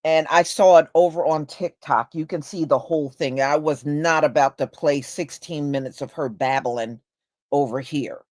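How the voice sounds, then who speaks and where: Woman livestream host, low-ish voice, slow measured talk, skeptical, dry close mic. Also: darkish tone, no echo. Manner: measured, greets chat viewers, skeptical asides. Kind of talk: livestream commentary.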